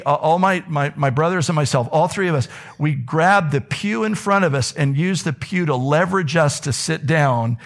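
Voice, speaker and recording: A man preaching a sermon as a pastor in a church, telling stories with wide swings in pitch and dropping now and then to a whisper. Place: church sanctuary.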